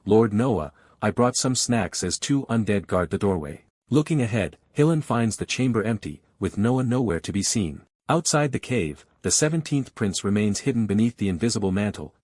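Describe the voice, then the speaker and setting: A man with a fairly low voice narrates a fantasy comic recap in a steady, even storytelling delivery. The recording is close and dry, with no room sound. He keeps a scripted, measured read throughout. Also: breathy edge, dry recording.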